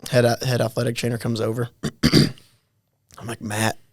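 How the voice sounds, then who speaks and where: A college athlete in his twenties, telling his story in a guest interview with many halting restarts and little chuckles. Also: medium pitch, level tone. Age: 20s. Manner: halting, repeats words, chuckles while telling stories. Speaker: college football player, guest.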